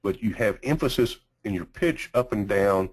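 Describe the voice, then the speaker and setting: A man with a Texas accent teaching a sales training class, speaking slowly with deliberate pauses and emphasis. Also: on the low side, expressive, husky, low-quality recording.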